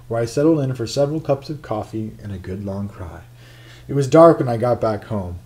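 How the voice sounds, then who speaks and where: A man's voice: fairly low pitch, dark tone. A man narrating a first-person memoir in a wry, confiding storytelling manner. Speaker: audiobook narrator.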